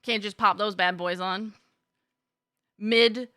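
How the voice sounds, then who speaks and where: A woman's voice: mid-range voice, fairly even intonation, slow, pushed and bright, smooth, no echo, clean studio sound. A young woman streaming a game, chatting casually with viewers, greeting them by name and laughing often. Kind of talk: casual live-stream chat.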